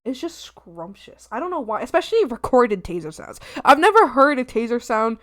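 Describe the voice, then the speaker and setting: Lively high-voiced young woman streamer. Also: brisk. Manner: animated, laughs often, chats with viewers. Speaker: art streamer. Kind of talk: casual live-stream chat.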